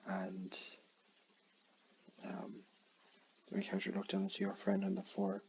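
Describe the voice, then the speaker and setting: Gravelly, slow-talking man retelling a story. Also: sits high, big pitch swings, a little mellow, slight background noise. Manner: rambling, with many fillers and restarts. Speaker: creator retelling his own film idea. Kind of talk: casual spoken plot retelling. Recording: dull lo-fi recording.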